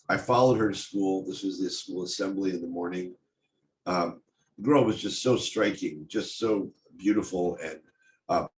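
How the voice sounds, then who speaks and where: Low-voiced man telling a story haltingly. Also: a little hiss or hum. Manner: halting, many ums and restarts. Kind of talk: casual spoken storytelling. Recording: roomy echo, faint background ambience.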